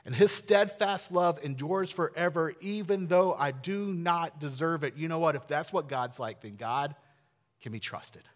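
Animated pastor in an echoing hall. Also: male voice, fairly high pitch, a little slow. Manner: animated storytelling, swings loud and soft. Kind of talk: sermon. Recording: long hall reverb.

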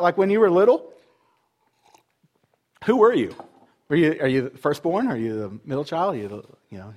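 A man in his thirties, a pastor, giving a casual, conversational sermon full of rhetorical questions and fillers. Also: on the high side.

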